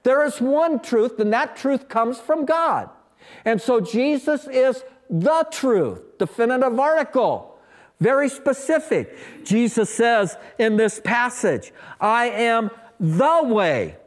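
High-pitched guy pastor giving a folksy sermon, punchy and joking. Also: animated, slow pace. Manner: folksy, emphatic preaching with humorous asides.

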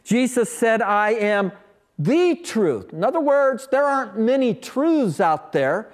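High-voiced man preaching a folksy sermon. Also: sing-song, slow pace. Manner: folksy, emphatic preaching with humorous asides. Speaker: pastor.

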